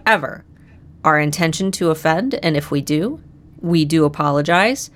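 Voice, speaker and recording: A young woman with a Midwestern American accent, co-hosting a podcast in relaxed, chatty talk. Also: deep voice, normal speed. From United States. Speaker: podcast co-host. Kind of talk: casual chat.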